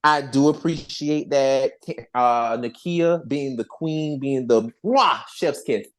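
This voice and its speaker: Rambling, animated casual podcast host. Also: medium pitch, slow pace. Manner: animated, rambling, with frequent restarts and swearing. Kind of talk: casual chat.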